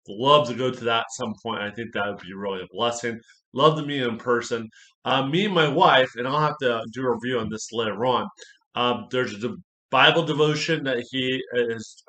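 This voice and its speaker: A pastor doing a casual book review, rambling and enthusiastic, with many fillers and self-corrections. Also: male voice, medium pitch, bright, forceful tone. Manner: enthusiastic, repeats praise.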